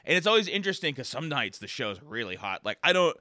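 A man's voice: on the high side, big pitch swings, fast talker, sharp tone, no echo, studio quality. A man, a comedian and open mic host, chatting casually on a podcast and rambling with lots of fillers. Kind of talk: casual podcast chat, storytelling.

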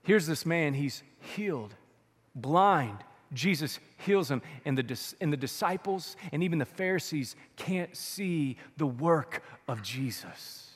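A man pastor preaching a sermon, animated, swinging from loud to hushed, with sarcastic asides. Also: a little high, slow, husky, long reverb tail.

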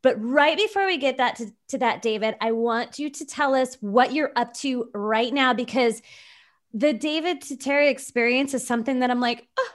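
A woman host chatting with a guest, eager and effusive. Her voice is a bit high, and she speeds up in bursts while she gushes and frames questions. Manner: enthusiastic, quick bursts of speech. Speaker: host, wedding planner. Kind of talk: casual interview chat.

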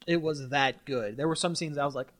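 A man hosting a casual podcast chat, animated and often stumbling and repeating his words. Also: fairly high pitch, fairly quick. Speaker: podcast host.

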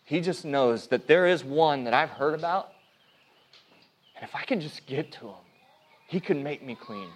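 Male pastor, high-pitched voice, sermon, earnest, restarts phrases, soft then forceful. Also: lively intonation, normal speed, long pauses. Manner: earnest preaching that swings between hushed and emphatic; stops and restarts mid-phrase.

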